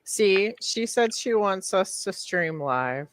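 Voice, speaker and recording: A woman's voice: medium pitch, expressive, slow, background noise. A woman co-hosting a podcast in casual chat, chatty and teasing, who laughs easily. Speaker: podcast co-host.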